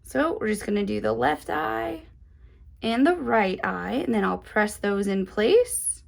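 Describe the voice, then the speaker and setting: A woman's voice: medium pitch, lively intonation, unhurried, gravelly. A woman hosting a chatty step-by-step embroidery tutorial, cheerful and gushing, laughing often.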